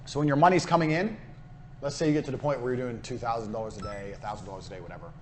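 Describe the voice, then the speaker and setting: A man's voice: medium pitch, very fast. A young British man giving a blunt, swearing motivational business lecture, acting out sales conversations along the way. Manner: brash, blunt and swearing, acts out sales dialogues. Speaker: business course speaker. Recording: faint background noise, played in a game server.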